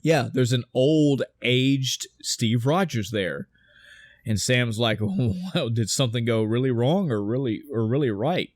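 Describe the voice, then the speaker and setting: Male podcast co-host, mid pitch, animated play-by-play recap, dry close recording. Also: a little slow, no room sound. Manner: excited retelling with swearing and quoted dialogue. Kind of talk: casual film discussion.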